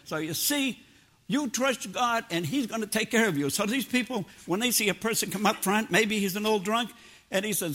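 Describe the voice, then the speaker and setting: At a moderate pace, an older man preaches in a high, pushed, bright voice. His plain-spoken, homespun sermon mixes personal stories with scripture and drops into everyday grammar.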